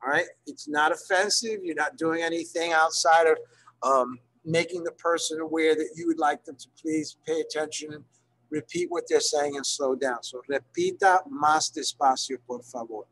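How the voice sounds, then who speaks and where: A man teaching library staff in an online workshop, checking in often with his class and slowing down to model phrases. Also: on the high side, fairly even intonation, fairly bright tone, rough recording. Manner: checks in often, gives examples slowly. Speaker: Spanish instructor for library staff.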